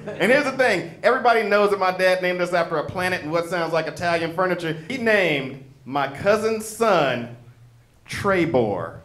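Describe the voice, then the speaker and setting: A man from Chicago doing punchy, animated stand-up comedy as host on a stage mic. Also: high-pitched. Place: comedy stage before an audience.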